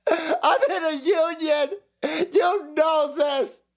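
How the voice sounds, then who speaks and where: A whiny, entitled coworker , as a man puts her on, drawls her complaints slowly in a raised, lifted voice. Every line comes out drawn out and self-pitying. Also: very high-pitched, voice pushed up, exaggerated voice. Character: whiny entitled coworker demanding cry breaks.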